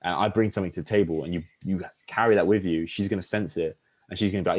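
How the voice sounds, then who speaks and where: This young podcast host has a deep, husky voice with a steady tone and talks very fast. His casual chat rambles with many fillers and restarts as he performs pickup lines.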